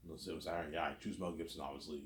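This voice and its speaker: Deep-voiced man rambling in a roomy space. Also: fairly even intonation, racing, a bit bright, a little hiss or hum. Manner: rambling, repeats fillers and tags constantly. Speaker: host. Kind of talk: casual rambling commentary. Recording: roomy echo.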